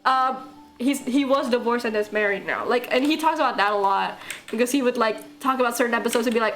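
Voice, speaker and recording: A woman's voice: a little high, lively intonation, a little fast, a bit bright, a little hiss or hum. A young woman streaming live, chatting casually and rambling while she draws, answering chat and laughing often. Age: young adult.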